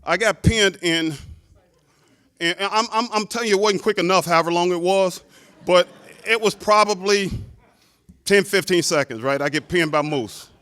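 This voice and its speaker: A man in his fifties tells a lively story as a hall of fame inductee, with a slightly high voice. He keeps throwing in quick asides to the crowd. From Chicago, United States. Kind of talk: speech.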